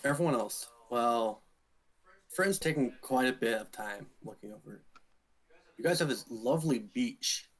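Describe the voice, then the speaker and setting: A man narrating a tabletop role-playing game as dungeon master, describing scenes slowly with frequent fillers. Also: mid-range voice, husky, low-quality recording. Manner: slow, relaxed narration with fillers.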